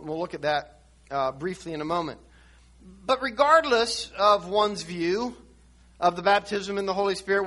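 A man's voice: high-pitched, pushed and bright. A man preaching a sermon, teaching verse by verse through scripture with emphatic points and frequent restarts. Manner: reads and explains scripture verse by verse.

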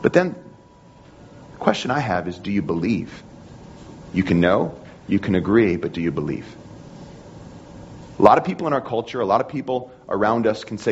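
A man's voice: fairly low pitch, big pitch swings, normal speed, long pauses, dull audio, slight background noise. A man preaching a sermon in an earnest manner, repeating phrases and restarting often. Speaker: pastor.

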